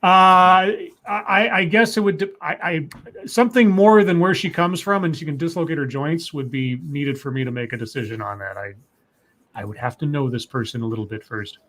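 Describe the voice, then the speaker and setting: A man's voice: on the high side, fairly even intonation, normal speed, fairly bright tone. A man co-hosting a live stream, reading viewer messages aloud and chatting in a rambling way with many restarts. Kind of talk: casual live-stream chat.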